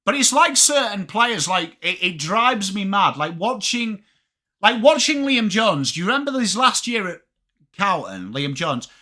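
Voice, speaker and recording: A young English man hosting a live sports watchalong, talking fast and casually, swearing freely and answering chat by name. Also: sits high. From England. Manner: animated, swearing, reads chat names aloud. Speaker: livestream host.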